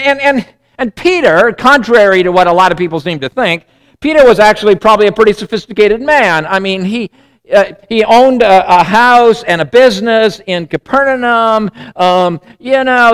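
A man giving a sermon in a loose, conversational way, often restarting phrases and dropping to a hushed tone. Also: sits high, normal speed, clean tone. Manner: conversational and digressive, many repeated starts. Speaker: preacher.

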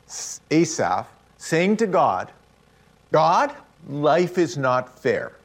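A middle-aged man delivers a sermon in a mid-range voice. His pitch swings widely as he stresses points and acts out the lines he quotes. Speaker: pastor.

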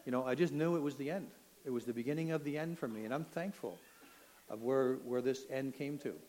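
An older man from Canada telling a personal testimony in an earnest, emotional way, sometimes rising almost to a shout. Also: medium pitch, fairly quick, slight background noise, low-quality recording. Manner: earnest, emotional storytelling, rising to near shouts at dramatic moments. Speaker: testimony speaker.

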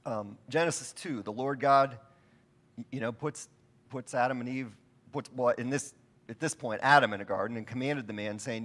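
A man's voice: medium pitch, animated, normal speed, fairly bright tone. A middle-aged man preaching a sermon, telling stories in a casual, conversational and self-deprecating way. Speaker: pastor.

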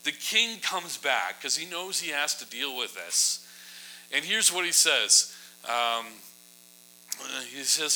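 A man preaching a sermon in a casual, humorous storytelling style, often adding quick asides to his listeners. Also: a little high, very animated, pushed and bright, rough recording. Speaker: pastor.

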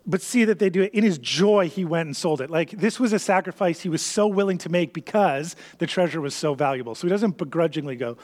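Casting note: a Canadian male pastor who preaches casually, with a high voice and a lingering hall echo. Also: fairly quick, few pauses, a little mellow. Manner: conversational, acts out parable characters' thoughts. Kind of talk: sermon.

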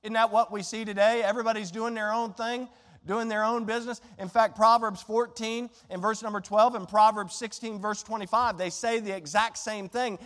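High-voiced preacher in a reverberant church. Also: male voice, steady tone, normal speed. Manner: impassioned, conversational preaching with sudden drops to quiet pleading. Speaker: pastor. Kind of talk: sermon. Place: church sanctuary.

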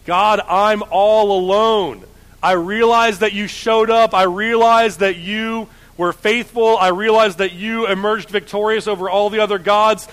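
A man's voice: high voice, steady tone, unhurried, a bit bright. A man voicing an earnest prophet who speaks in casual modern phrasing. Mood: despairing. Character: earnest prophet, hopeful then despairing.

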